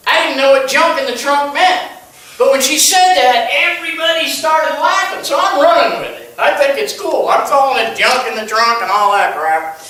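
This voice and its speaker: Older guy telling a rambly funny story, kinda high voice, echoey hall, mic far off. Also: animated, normal speed, bright, forceful tone. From Boston, USA. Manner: rambling, joking, chuckling storyteller. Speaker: musician and recovery lecturer. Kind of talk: live storytelling to an audience. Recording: echoey hall, distant mic, music behind.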